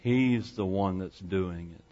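A man's voice: low voice, takes it slowly, warm tone, muffled recording, faint music behind. A male pastor preaching a sermon in a church, folksy and conversational, asking the congregation rhetorical questions. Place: church sanctuary.

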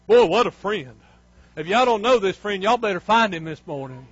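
A man preaching a sermon with fervor, swinging from near shouts down to low, quiet lines. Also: lively intonation, moderate pace, no echo, lo-fi sound. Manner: fervent, rising to near shouts and dropping low. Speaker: pastor.

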